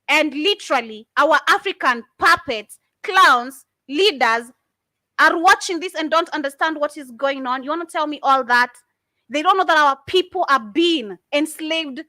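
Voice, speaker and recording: A woman with a high, bright voice delivers impassioned commentary. She sounds fiery and indignant and keeps firing rhetorical questions. Her voice is close and dry, with no room around it. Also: normal speed, no room sound. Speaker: commentator reacting to videos.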